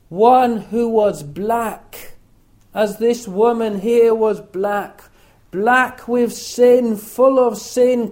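A man reading scripture aloud and preaching on it in a solemn, deliberate way, repeating words for emphasis. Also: very high-pitched, a little mellow. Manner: slow, solemn, repetitive emphasis.

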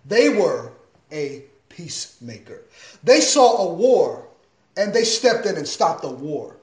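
A man preaching a sermon as a pastor, emphatic, with big swings in pitch and loudness. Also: big pitch swings, measured pace, echoey room.

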